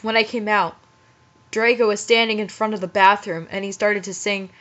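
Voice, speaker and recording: A woman's voice: medium pitch, fairly even intonation, moderate pace, a bit bright. A woman reading bad fanfiction aloud and breaking off for incredulous, exasperated commentary. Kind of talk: dramatic reading with mocking commentary. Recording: muffled lo-fi recording.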